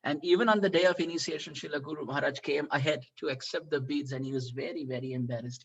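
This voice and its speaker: A man's voice: fairly high pitch, fast, creaky, few pauses, breathy edge, poor audio. A man giving a devotional talk, telling a story animatedly with frequent fillers. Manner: animated, acts out quoted dialogue, frequent "uh" fillers. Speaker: speaker at a devotional festival. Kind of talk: storytelling sermon.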